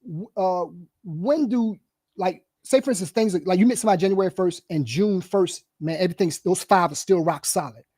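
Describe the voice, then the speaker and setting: A man co-hosting a podcast in casual chat, rambling and animated, full of fillers and repeated "bro,". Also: high voice, fairly quick, no room sound, studio quality. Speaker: podcast co-host.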